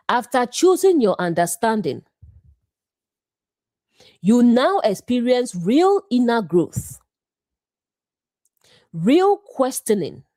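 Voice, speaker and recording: A woman delivers a scripted devotional Bible lesson in short, deliberate phrases. Her pace is unhurried and her voice is mellow, while her pitch moves with lively rises and falls. The sound is close and dry. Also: dry recording. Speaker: bible teacher.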